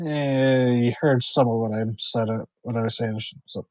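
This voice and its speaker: A man puts on a tired wildlife-preserve boss for a tabletop game, a normally calm man now worn down and sighing, his words falling flat in a dry, close room. He sounds fed up but still polite. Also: medium pitch, moderate pace, no echo, close to an everyday voice. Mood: sheepish. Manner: exasperated, sighing. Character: weary male wildlife-preserve manager, usually calm.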